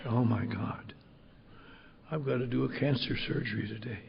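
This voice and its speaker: A man's voice: a little high, brisk, creaky, dull audio, a crowd in the background. An old man acting out an earnest alcoholic doctor. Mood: panicked. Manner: earnest, emotional. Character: anguished then elated alcoholic male doctor.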